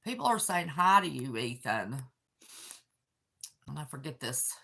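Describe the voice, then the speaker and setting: A woman's voice: a bass voice, big pitch swings, a little slow, vocal fry, a bit bright, breathy edge. A woman, chatting emotionally with viewers on her livestream. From West Virginia. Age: 60s. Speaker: channel host. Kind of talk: casual livestream chat. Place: apartment.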